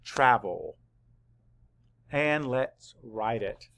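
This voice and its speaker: A man teaching a spelling lesson to young children, spelling out letters slowly and patiently. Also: medium pitch, animated, gravelly, a bit bright. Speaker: third-grade teacher.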